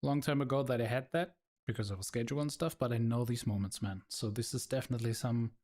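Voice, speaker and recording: A man's voice: medium pitch, fast, a little mellow. Casual male streamer talking to his viewers. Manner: casual and chummy, addressing viewers as guys. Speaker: live stream host reacting to a video. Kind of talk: casual live reaction commentary.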